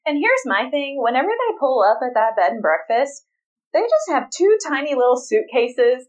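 A woman's voice: high voice, sing-song, normal speed. A woman co-hosting a podcast in casual chat, bubbly and laughing often. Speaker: podcast co-host. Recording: slightly dull lo-fi sound.

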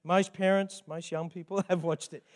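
High-voiced older male preacher. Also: little pitch movement, moderate pace. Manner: conversational, chatty preaching with frequent asides. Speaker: pastor. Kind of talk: sermon.

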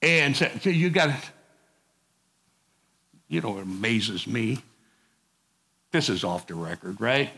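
A man's voice: lowish voice, lively intonation, slow, vocal fry, pauses often, bright, forceful tone. A middle-aged male pastor preaching a sermon in a folksy, conversational way, with casual asides to the congregation.

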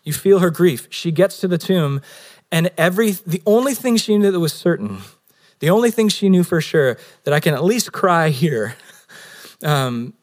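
A pastor preaching a Sunday sermon, earnest, rising for emphasis and dropping low and slow on key words. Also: male voice, animated. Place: San Diego.

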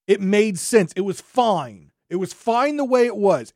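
A podcast host ranting angrily and sarcastically, swinging from shouting to muttering. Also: medium pitch, expressive, a little slow, hardly any pauses, no echo, studio quality. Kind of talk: solo gaming podcast rant.

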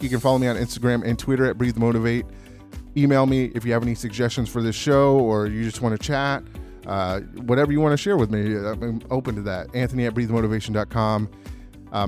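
A man's voice: mid-range voice, darkish tone. A man hosting a motivational podcast alone, talking in an earnest, rambling way with lots of fillers and restarts. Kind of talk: casual solo motivational talk.

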